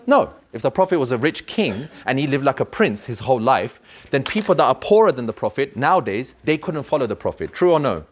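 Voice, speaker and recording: A man's voice: medium pitch, a little hiss or hum. Earnest man telling a children's story. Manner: earnest and emphatic, repeats words for effect.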